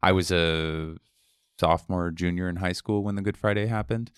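A man in his forties with a very low voice hosts a casual podcast chat. He explains things loosely, swearing now and then. The sound is close and dry. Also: fairly even intonation, clear, resonant tone, no room sound. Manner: loose, profane storytelling with quick asides. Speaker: podcast host.

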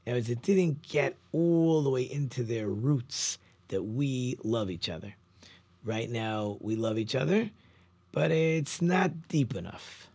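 Husky-voiced rabbi teaching animatedly. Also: male voice, medium pitch, a little slow. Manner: animated teaching, rhetorical questions, frequent restarts. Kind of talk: Torah lesson talk.

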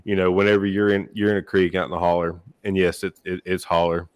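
A man's voice: low-pitched, completely flat delivery, quick pace, no room sound. A man hosting a podcast in a studio, rambling through his thoughts with lots of filler phrases. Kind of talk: casual chat.

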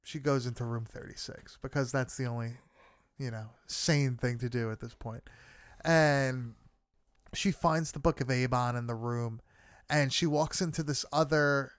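A man's voice: medium pitch, fairly even intonation, a little slow, no room sound, clean studio sound. A man in casual chat, recapping a film with friends, swearing freely and laughing often. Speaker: podcast co-host recapping a film.

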